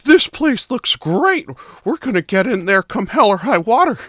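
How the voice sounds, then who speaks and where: A man's voice: high voice, big pitch swings, moderate pace, a bit bright, no room sound, clean studio sound, pitched above the performer's own voice, exaggerated voice. A man doing a cocky, defiant kid. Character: brash defiant kid at a carnival.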